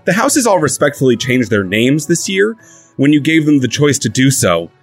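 A man's voice: medium pitch, big pitch swings, normal speed, slightly rough, soft background music. A man voicing a nervous young interviewer in a comedic audio drama, polite and prone to stammering. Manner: polite, stammering, easily rattled. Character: nervous young male interviewer of magical folk.

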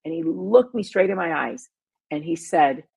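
A middle-aged woman with a low, gravelly voice, rough and very husky, tells a story in a casual, animated way. She restarts her sentences and throws in emphatic asides. Her voice is recorded close and dry, with no room sound. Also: normal speed, dry recording. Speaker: talk show host and panelist.

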